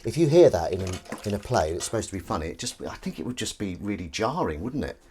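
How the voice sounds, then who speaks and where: A man's voice: on the low side, big pitch swings, fast talker, dark tone, a little hiss or hum. A man hosting a livestream, chatting and rambling while washing dishes. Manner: rambling, chatty, self-interrupting. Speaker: livestream host. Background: clattering dishes and cutlery.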